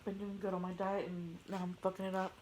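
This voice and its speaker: A woman's voice: mid-range voice, level tone, fast talker, darkish tone, slight background noise. A woman filming a casual eating vlog while tipsy, swearing often and sounding frustrated and glum. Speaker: vlogger.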